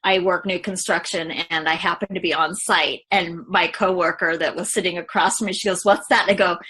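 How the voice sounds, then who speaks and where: Woman client giving an emotional testimonial, bright voice, many fillers. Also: lowish voice, steady tone, breathy edge. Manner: halting, many fillers, tearful at times.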